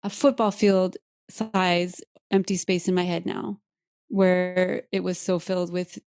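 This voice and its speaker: A woman's voice: on the low side, little pitch movement, a little slow, a little mellow, smooth, dry recording, clean studio sound. A woman hosting a podcast, telling a personal story in a candid, heartfelt way and laughing easily. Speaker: podcast host.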